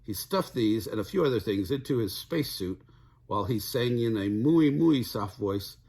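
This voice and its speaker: A man's voice: fairly low pitch, animated, moderate pace, vocal fry, a little mellow, breathy edge. An older man reading a children's storybook aloud, chuckling now and then. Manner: chuckles while reading, occasional stumbles.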